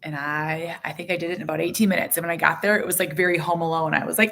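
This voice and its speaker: Woman vlogger, slightly low voice, casual and chatty, full of "um"s and self-mocking asides. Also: steady tone, rapid-fire, vocal fry, few pauses, a bit bright. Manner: chatty and rambling, with many fillers, self-deprecating asides and acted quotes. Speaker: vlogger and mother. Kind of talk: casual personal vlog chat.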